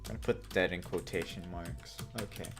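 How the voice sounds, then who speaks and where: A man's voice: low voice, steady tone, a little fast, music in the background. A man live-streaming as he codes, rambling and joking as he thinks aloud. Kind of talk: casual live-coding stream.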